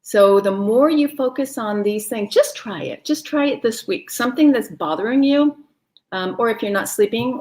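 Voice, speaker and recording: A woman with a mid-pitched voice guides a live online wellness class. She speaks in a warm, encouraging, chatty way and laughs easily. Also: moderate pace. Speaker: wellness teacher. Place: home, no kids in the house.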